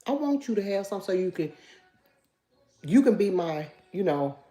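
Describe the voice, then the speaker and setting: Hosting a casual livestream, a woman from Memphis, USA, chats and answers viewer comments aloud in a country Memphis Southern accent. Her mid-range voice is sing-song and mellow, moving at normal speed.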